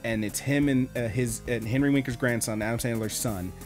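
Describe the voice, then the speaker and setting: Animated, foul-mouthed young man telling stories. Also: medium pitch, a little fast, faint music behind. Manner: animated storyteller, swears a lot. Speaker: podcast co-host. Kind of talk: casual chat.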